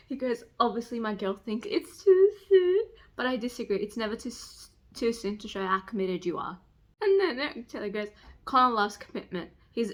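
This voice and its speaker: A young woman chatting casually in a reading vlog, gushing and excitable, breaking into squeals as she retells a romance novel. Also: mid-range voice. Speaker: book vlogger. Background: construction voices.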